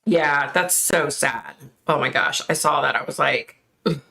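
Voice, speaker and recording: Woman, livestream host, low gravelly voice, unhurried casual chat reacting to comments. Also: sharp tone. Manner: chatty, reacts aloud to viewer comments.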